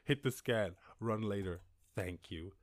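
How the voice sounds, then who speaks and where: A man's voice: on the low side, a little slow, no echo, studio quality, lightly acted. An Irish man voicing a sneaky computer company in clipped, conspiratorial commands. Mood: scheming.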